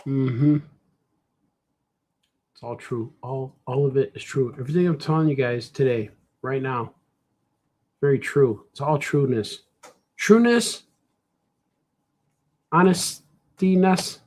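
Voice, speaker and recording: A man's voice: medium pitch, steady tone, unhurried, long pauses, warm tone. A man, a cartoonist, chatting casually while he draws, rambling playfully and joking to himself. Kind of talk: casual chat while drawing.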